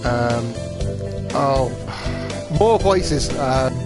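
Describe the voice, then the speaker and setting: A man commenting as he plays a game, hesitant and self-deprecating with many pauses. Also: medium pitch, lively intonation, loud music behind the voice. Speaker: streamer playing a game. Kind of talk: let's play commentary.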